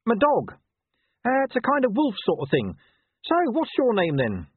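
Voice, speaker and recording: A man's voice: high-pitched, huge pitch swings, a little slow, husky, dry recording, voice pushed up, heavily acted. Man doing a cheeky scruffy mongrel dog. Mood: wheedling. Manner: wheedling, chancing his luck. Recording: tinny lo-fi dry recording.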